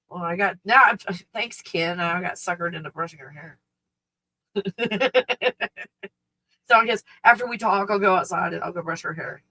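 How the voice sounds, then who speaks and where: A woman's voice: on the low side, unhurried, creaky, pauses often, bright, forceful tone, husky, rough recording. A woman hosting a casual live stream from home, blunt and freely swearing, cooing in baby talk at her dog.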